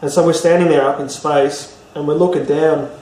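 Speaking at a moderate pace, this interview guest has a slightly high, darkish voice with a steady tone. He rambles through a casual story, full of fillers and restarts, recorded in a roomy space on a distant mic with faint ambience.

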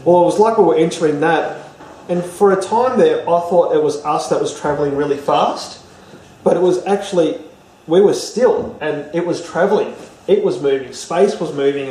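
A man's voice: a little high, normal speed, darkish tone, a little hiss or hum. A man, an interview guest, telling a personal story casually and rambling, with many fillers and restarts. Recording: roomy, distant mic, faint ambience.

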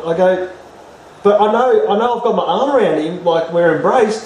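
A man's voice: sits high, moderate pace, darkish tone, a little hiss or hum. A man, an interview guest, telling a personal story casually and rambling, with many fillers and restarts. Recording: roomy, distant mic, faint ambience.

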